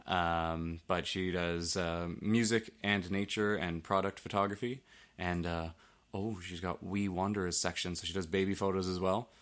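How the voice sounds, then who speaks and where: A man's voice: low-pitched, steady tone, moderate pace, fairly bright tone. A man co-hosting a casual podcast, loose and offhand, swearing freely. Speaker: podcast co-host. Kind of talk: casual chat.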